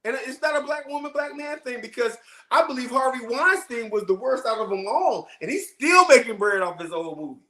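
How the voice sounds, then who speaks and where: A man co-hosting a casual podcast chat, arguing in an animated way and asking rhetorical questions. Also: extremely high pitch, a little fast. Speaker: podcast co-host. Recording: roomy echo.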